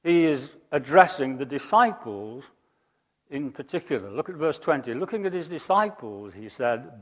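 A man preaching a sermon, emphatic, rising to loud high peaks and dropping to quiet asides. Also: sing-song, moderate pace. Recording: long hall reverb.

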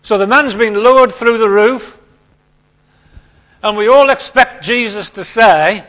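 A man preaching a sermon to his congregation, emphatic and animated, repeating his key points. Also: sits high, unhurried, dull audio.

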